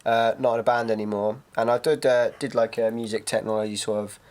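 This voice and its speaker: A young man, co-hosting a podcast and telling stories in a relaxed, casual way, laughing easily. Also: lowish voice, fairly quick. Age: young adult. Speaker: podcast co-host. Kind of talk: casual chat.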